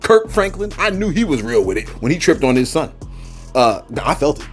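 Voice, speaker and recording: A man's voice: a little high, a little fast, soft background music. A man hosting a celebrity news channel, joking in casual commentary with lots of fillers. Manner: animated, joking, many fillers and repeated "man" and "look".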